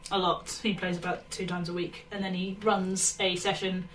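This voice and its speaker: A woman's voice: on the low side, little pitch movement, moderate pace, a bit bright, recorded from a distance, soft background music, low-quality recording. A young woman, a guest in a casual radio interview, giggly and bubbly. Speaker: guest musician. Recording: a little off-mic with faint background noise.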